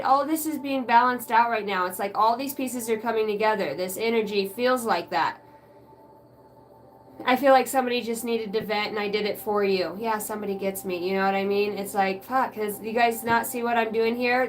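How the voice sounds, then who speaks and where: A woman's voice: fairly high pitch, recorded from a distance, low-quality recording. Rambling, profane woman livestream host. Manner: rambling, profane, chats with viewers. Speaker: oracle card reader and livestream host. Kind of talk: casual livestream rant.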